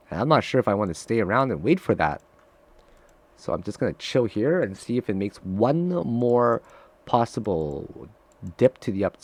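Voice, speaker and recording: A man giving live trading commentary to his viewers, excitable and profane, swinging from loud frustrated outbursts to low muttering. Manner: talks straight to viewers, calling them guys. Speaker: day trader streaming live trades.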